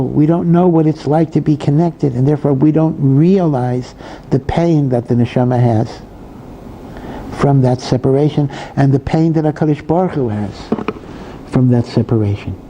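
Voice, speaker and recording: A man's voice: fairly high pitch, vocal fry, mellow, highs cut off, a little hiss or hum. A male rabbi giving a Torah lecture in a conversational way, full of asides and repeated phrases. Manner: conversational, many asides and repetitions.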